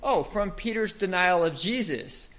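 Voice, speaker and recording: A man's voice: high-pitched, animated, measured pace, fairly bright tone. Man teaching scripture with rhetorical questions. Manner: explains step by step, asks rhetorical questions. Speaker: Bible teacher. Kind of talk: Bible teaching talk.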